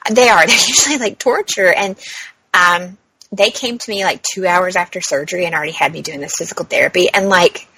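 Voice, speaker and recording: A woman recounts her story in a loose, chatty way, stringing thoughts together with "like" and "um" and laughing often. Her voice is bright and a little husky. It is recorded close and dry, with no room sound. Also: lowish voice, a little fast, no echo, poor audio. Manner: chatty, peppered with "like" and "um"; laughs often while talking. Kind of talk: casual storytelling chat.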